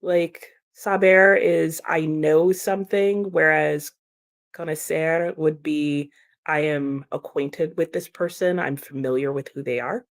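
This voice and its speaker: A woman's voice: deep voice, steady tone, takes it slowly. Chatty woman reading chat comments. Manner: chatty, laughs often, reads comments aloud. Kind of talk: casual livestream chat.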